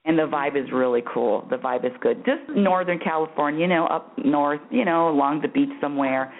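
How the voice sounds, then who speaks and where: An effusive woman hosting a call-in spiritual radio show. She talks with animated swings and frequent laughs and repeats her phrases for emphasis. The audio is thin and tinny, like a phone line. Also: low-pitched, a little fast. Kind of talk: call-in radio advice talk.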